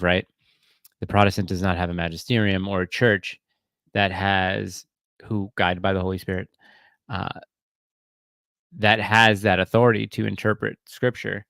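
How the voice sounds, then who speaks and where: A man's voice: fairly low pitch, a bit bright, no echo. A man hosting a casual livestream, chatting and rambling with many fillers and restarts. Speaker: livestream host.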